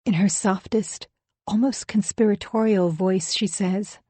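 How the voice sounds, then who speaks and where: A woman's voice: mid-range voice, fairly even intonation, measured pace, dark tone, breathy edge, dry recording. A woman reading a first-person thriller audiobook in a tense, emphatic storytelling manner. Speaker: audiobook narrator.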